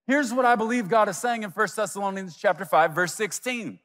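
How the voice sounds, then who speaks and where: A man preaching a sermon as pastor, animated, acting out imagined voices of his listeners. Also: high voice, fairly quick, few pauses, long reverb tail.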